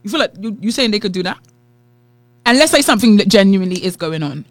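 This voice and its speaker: A woman with a London accent co-hosting a podcast, talking candidly and teasing as she thinks out loud. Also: mid-range voice, lively intonation, fast talker, no echo. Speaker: podcast co-host. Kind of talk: casual chat.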